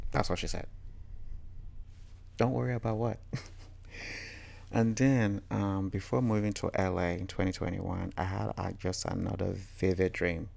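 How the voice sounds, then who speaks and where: A man's voice: sits low, gravelly, darkish tone, breathy edge. A man telling reflective personal stories candidly and earnestly, often quoting what others said to him. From Nigeria. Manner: candid, earnest, quotes others in reported speech. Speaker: storyteller.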